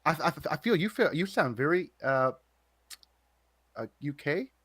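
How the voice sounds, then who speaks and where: A man's voice: a little high, expressive, a little slow, a bit bright, slightly rough, no room sound. A man with a Newfoundland accent, chatting casually on a live stream and often laughing and stammering on restarts. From Newfoundland, Canada. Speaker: stream co-host. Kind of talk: casual chat.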